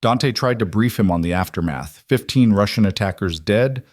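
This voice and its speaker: A man narrating a scripted romance audiobook in a smooth, even storytelling manner. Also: fairly low pitch, normal speed, no echo, studio quality.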